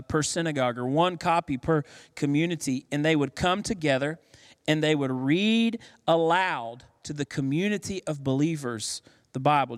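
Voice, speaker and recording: A man in his thirties preaching a sermon as pastor, telling stories with animated acted voices. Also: fairly high pitch. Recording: long hall reverb.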